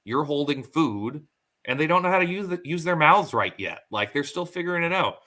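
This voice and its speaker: A man's voice: on the high side, a little fast. A man in his thirties hosting a casual podcast, telling stories and acting out the voices of the people in them. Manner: animated storyteller acting out quotes. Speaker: podcast host.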